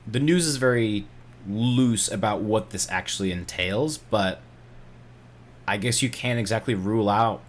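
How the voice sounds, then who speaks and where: Deep-voiced laid-back podcast co-host man. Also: measured pace, slight background noise. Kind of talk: casual gaming podcast chat.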